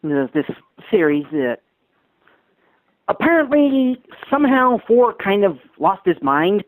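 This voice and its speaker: An easygoing young man co-hosts a casual podcast chat, answering briefly and laughing often. His voice sits slightly high, and the recording is dry with little room sound. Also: big pitch swings, slow, no echo, narrow, tinny audio. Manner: easygoing, short replies, frequent laughs. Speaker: podcast co-host.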